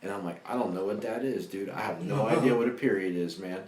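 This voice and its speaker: A man in his thirties telling rambling, profane stories on a casual comedy podcast, full of slang. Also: quick pace. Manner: profane, rambling, slangy, bursts into high excited voices for quotes. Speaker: podcast host. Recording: roomy echo.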